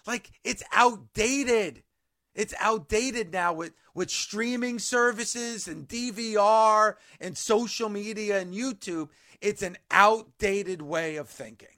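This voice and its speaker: A man's voice: sits high, takes it slowly, few pauses, sharp tone. A man co-hosting a radio talk show, insistent and repeating his point.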